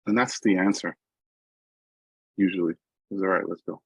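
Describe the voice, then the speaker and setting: In a dry, close recording with no room echo, a middle-aged New York man tells his recovery story loosely and conversationally, often checking in with "right?" His voice is low and slightly husky, with fairly even intonation at a moderate pace.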